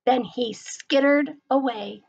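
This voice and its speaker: A woman reads a children's picture book aloud, taking her time over every phrase. Her voice is fairly high with a gravelly, creaky texture. The recording has a slightly dull, lo-fi sound. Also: darkish tone. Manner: slow, clear storytelling. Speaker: school librarian reading aloud.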